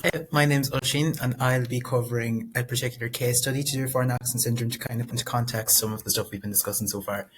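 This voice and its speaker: Man presenting casually in a flat tone. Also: medium pitch, fast talker, few pauses, a little hiss or hum, rough recording. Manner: casual, with fillers and asides. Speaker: student presenter. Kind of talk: semi-scripted class presentation.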